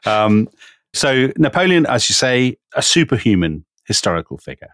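A man's voice: medium pitch, big pitch swings, moderate pace, fairly bright tone, no echo, studio quality. A man co-hosting a history podcast in casual chat, amused and chatty. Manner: amused, chatty, laughs often. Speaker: podcast co-host.

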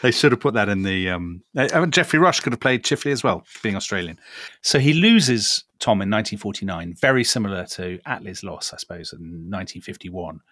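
A man's voice: on the low side, lively intonation, brisk, a bit bright, dry recording, clean studio sound. A man co-hosting a casual history podcast, chatty and hesitant, with wry asides. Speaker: podcast co-host.

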